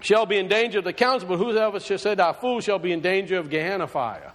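Man, preaching, rhetorical questions, high voice, swooping pitch, reverberant sanctuary. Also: animated, fast talker, fairly bright tone. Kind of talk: sermon. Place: church sanctuary. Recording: long hall reverb.

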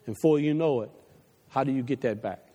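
A man preaching a passionate sermon to his church, dropping low and quiet for the advice he quotes, then climbing again. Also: brisk, husky, in a large hall. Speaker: pastor. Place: church sanctuary.

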